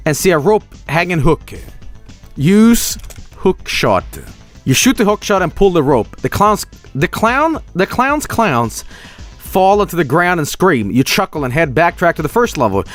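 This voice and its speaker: Male streamer, high and animated, reading game text aloud with a foul mouth. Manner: animated, swearing, breaking into laughter.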